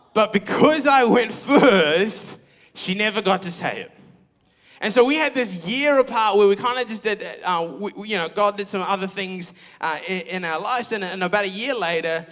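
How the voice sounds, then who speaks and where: A man's voice: sits high, a bit bright. A young man preaching a sermon, telling a candid, self-mocking personal story with lots of quoted asides. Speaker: pastor. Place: church auditorium.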